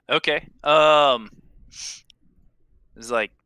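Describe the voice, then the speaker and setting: A young man chats as a player at a tabletop game, hesitant and full of fillers. His voice is very bright and smooth, recorded close and dry. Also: fairly high pitch, dry recording. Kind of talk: casual game chat.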